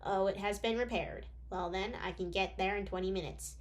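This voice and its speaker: A woman voicing a pompous, impatient celebrated male doctor in a nerdy, subdued, measured manner for an audiobook reading. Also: medium pitch, fairly even intonation, close to an everyday voice. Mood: lecturing.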